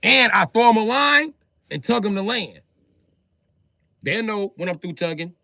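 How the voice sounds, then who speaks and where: Brash, high-pitched stand-up comedian. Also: male voice, sing-song, unhurried, creaky, no echo. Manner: brash, loud, crude, acts out characters. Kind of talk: profane stand-up comedy bit.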